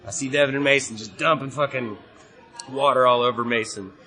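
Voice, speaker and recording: A man's voice: medium pitch, fairly even intonation, a little fast, sharp tone. A man telling a wild story in casual, profane talk, laughing often, recorded on a busy convention floor. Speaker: guest wrestler. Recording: noisy convention crowd. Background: crowd chatter.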